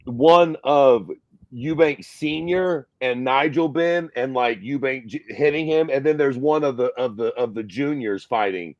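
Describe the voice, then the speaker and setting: Male podcast host, animated profane ranting, dry close recording. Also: mid-range voice, a little slow, dry recording, muffled recording. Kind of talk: casual chat.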